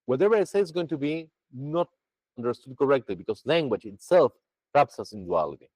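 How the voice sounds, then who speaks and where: A man's voice: medium pitch, brisk, slightly rough, dry recording, rough recording. A man teaching a Buddhist practice to a group over a video call, chatty and full of restarts. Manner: lively, chatty, with many restarts.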